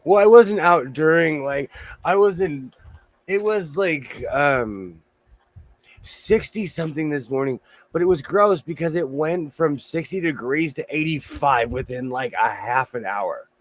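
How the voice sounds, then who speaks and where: A man hosting a casual chat, telling stories loudly while his voice is going hoarse. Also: on the high side, unhurried, dry recording. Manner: loud, animated storyteller. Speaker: host. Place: home sewing room.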